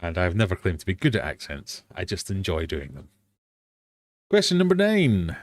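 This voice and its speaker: British male stream host, lowish voice, jokey quizmaster, dry recording. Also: dry recording. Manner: playful, jokey, laughs at himself. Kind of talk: casual quiz chat. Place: home fish room.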